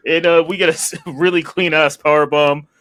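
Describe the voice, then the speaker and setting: A man co-hosting a wrestling podcast, relaxed and slangy, laughing often in casual chat. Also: a little high, a little fast. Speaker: podcast co-host.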